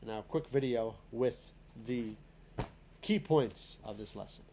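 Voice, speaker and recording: A man's voice: mid-range voice, a little slow, warm tone, slight background noise. A man teaching a spoken lesson in a synagogue class, talking in a conversational way full of fillers and restarts.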